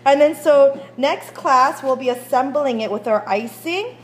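A woman's voice: high voice, measured pace, slight background noise. A woman teacher leading a baking demonstration in a school classroom kitchen, chatty and often checking that her students follow, recorded on a phone. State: out of breath while rolling dough.

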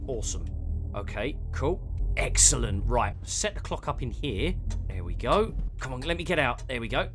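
A young man giving excitable let's play commentary, muttering one moment and shouting or laughing the next. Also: mid-range voice. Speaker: gaming YouTuber.

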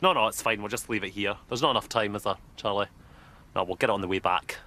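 An actor with a Scottish accent playing a cocky, daft young tank soldier in a comedy series, chatty and playful. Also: male voice, lowish voice, fast talker, sharp tone. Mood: bossy. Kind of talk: sitcom acting.

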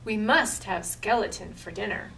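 A woman reading a picture book aloud voices a big, bossy witch with shrill, emphatic exclamations. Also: moderate pace, vocal fry, a bit bright, far from the mic, a little hiss or hum, rough recording. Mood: gleeful.

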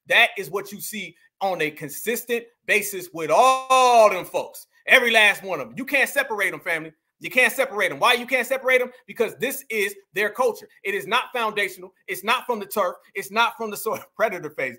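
High, bright-voiced mocking male commentator. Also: expressive, fairly quick. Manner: loud, mocking, repeats catchphrases and "y'all". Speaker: commentary show host. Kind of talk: reaction commentary.

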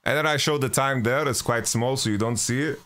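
Speaking a little fast in a mid-range, somewhat bright voice, a man hosts his podcast and tells a travel story. The telling rambles, with frequent profanity, restarted sentences, and many "you know"s.

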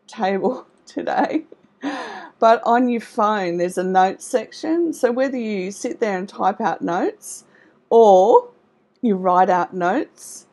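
Husky-voiced woman, encouraging coach. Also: mid-range voice. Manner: warm, encouraging, reassuring, with frequent "okay?" and "all right?". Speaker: trauma recovery coach. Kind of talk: live online coaching talk.

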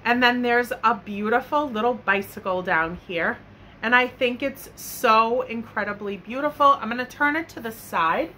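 A young woman with a bright, fairly high voice gushes over her finds in a casual home vlog. She talks in an enthusiastic, chatty way, full of loves and likes. The recording is made on a camera mic in her bedroom, with a faint hum of room ambience behind her. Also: moderate pace. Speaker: haul vlogger. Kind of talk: casual product show-and-tell.

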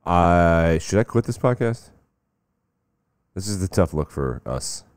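A man hosting casual sports commentary, sarcastic, jumping between loud bursts and low muttering. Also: expressive, unhurried, no room sound.

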